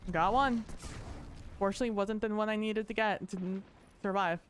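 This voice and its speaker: A woman streaming live gameplay, talking to her chat in a profane, excitable way with bursts of laughter. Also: mid-range voice, normal speed, slight background noise.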